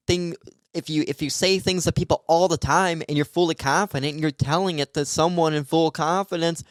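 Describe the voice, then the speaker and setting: A man's voice: a little high, lively intonation, a little fast, no room sound, clean studio sound. A man hosting his own comedy podcast, delivering a rambling, sarcastic solo monologue of jokes with frequent restarts.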